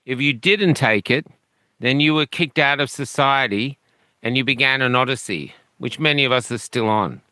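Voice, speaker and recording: An Australian man tells his story as an interview guest, meandering through fillers and restarts. His voice is bright and crisp, and the recording is dry with no room sound. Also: medium pitch, normal speed, no room sound. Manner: rambling, with many fillers and restarts. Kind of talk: conversational storytelling.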